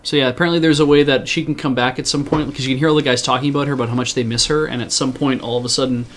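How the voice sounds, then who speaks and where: A man's voice: mid-range voice, fairly even intonation, very fast, fairly bright tone, slight background noise. Chatty man streaming a farming game. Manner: chatty, self-deprecating, answers chat. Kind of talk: casual game commentary to chat.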